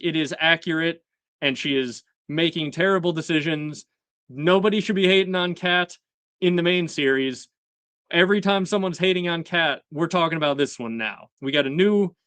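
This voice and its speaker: A young man chatting casually on a live stream, his voice smooth and clear and a little high for a man. The sound is dry and close, with no room heard, and he keeps laughing and putting on quick voices for characters. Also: dry recording. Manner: animated, laughing, acts out characters' lines. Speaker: host.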